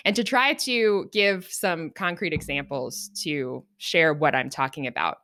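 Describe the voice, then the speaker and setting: Woman podcast host, middle-aged, bright, somewhat low voice, earnest reflective chat. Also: measured pace, few pauses. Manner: earnest, animated when acting out examples. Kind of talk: reflective conversational podcast talk.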